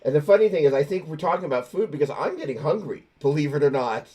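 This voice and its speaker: A man's voice: a little high, animated, quick pace, warm tone, slightly rough. A man hosting a casual chat, telling stories with many restarts. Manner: rambling, self-correcting storyteller. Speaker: host.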